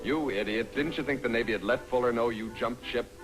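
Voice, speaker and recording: An actor playing a dry, quick-witted army sergeant in a 1950s film comedy who gives the orders. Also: male voice, medium pitch, music in the background, natural voice, rough recording. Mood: wry. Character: wry, take-charge male army sergeant.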